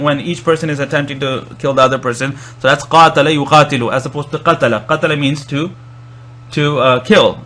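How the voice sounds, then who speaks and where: A man's voice: on the high side, a bit bright. A man explaining Arabic verb grammar in a lecture, often restarting and repeating words as he thinks. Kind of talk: recorded lecture.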